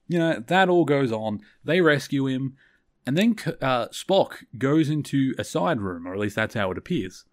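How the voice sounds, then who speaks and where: A man hosting a podcast, casually retelling a TV episode with chatty, animated asides and quick quoted lines. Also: medium pitch. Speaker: podcast host.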